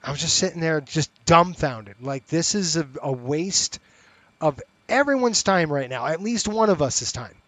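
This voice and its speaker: Middle-aged guy streaming flight sim, fairly high voice, chatty, talks to viewers, dry close mic. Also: animated, moderate pace, fairly bright tone, no room sound. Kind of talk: casual live-stream chat and commentary.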